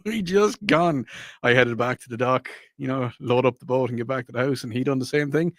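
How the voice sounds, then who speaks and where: A man's voice: medium pitch, moderate pace, gravelly, a bit bright, no echo. A man hosting a radio talk show in a casual, rambling way, repeating himself and apologizing as he chats into a studio mic.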